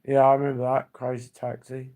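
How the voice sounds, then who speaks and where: A man's voice: medium pitch, monotone, a little fast, dark tone. A man hosting a livestream, reminiscing in a rambling, nostalgic chat that trails off. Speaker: livestream host.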